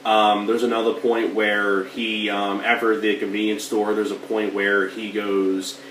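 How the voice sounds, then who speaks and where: A man talks through a film review in a loose, rambling way, full of filler words, with the odd cough from allergies. His voice sits on the low side. The mic is set well back in a roomy space, with a faint hiss underneath. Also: level tone, measured pace, fairly bright tone, far from the mic. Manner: rambling, lots of "like" and "you know". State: getting over allergies, coughing. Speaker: movie reviewer.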